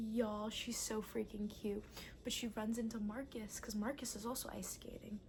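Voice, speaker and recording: A young woman vlogging casually about her reading, excitable and gushing, swearing often. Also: on the high side, slight background noise. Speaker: book vlogger. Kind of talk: casual vlog chat.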